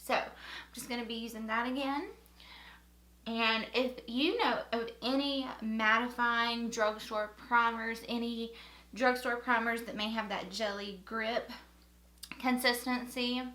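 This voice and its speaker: A woman's voice: on the high side, fairly even intonation, measured pace, bright, forceful tone, echoey room. A woman in her thirties from North Carolina with a Southern accent, chatting upbeat through a makeup tutorial. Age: 30s. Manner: chatty, upbeat, repeats words for emphasis. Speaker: beauty vlogger. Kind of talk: casual makeup tutorial chat.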